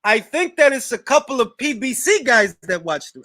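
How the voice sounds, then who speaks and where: Young male talk-show host, bright tense voice, dry close sound, loose slangy delivery with restarts. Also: very high-pitched, normal speed, no room sound. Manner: animated, slangy, repeats words when starting a thought. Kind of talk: casual live Q&A chat.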